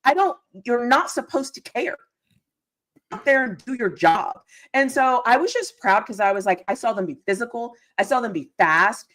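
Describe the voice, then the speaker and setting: A woman hosting a live football recap show, talking as an excited, ranting fan who laughs often. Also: a little high, moderate pace. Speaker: podcast host. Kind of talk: live sports recap chat.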